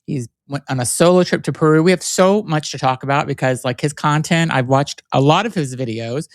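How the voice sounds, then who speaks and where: A man's voice: on the high side, brisk, dry recording. A man hosting a podcast in a casual, rambling and playful way. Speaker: podcast host.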